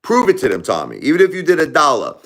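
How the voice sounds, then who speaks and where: A man hosting a casual livestream, talking emphatically and repeating himself, swinging between loud and quiet. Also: fairly high pitch, wildly swooping pitch, fast. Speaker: livestream host.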